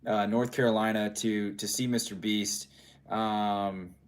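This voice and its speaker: A man's voice: lowish voice, fairly even intonation, a little slow. A tired man, a dad, chatting casually on a livestream, rambling and repeating his phrases while answering viewer chat. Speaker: streamer reading viewer chat.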